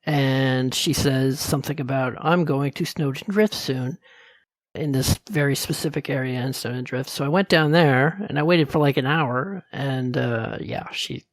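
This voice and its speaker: A man's voice: medium pitch, moderate pace, few pauses, dry recording. Chatty male podcast co-host. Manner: explains game updates in detail, relaxed and chatty. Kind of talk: casual gaming podcast chat.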